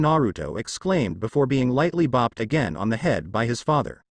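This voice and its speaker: A man narrating a fan fiction story in a steady storytelling read. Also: mid-range voice, fairly quick, hardly any pauses, dry recording, studio quality.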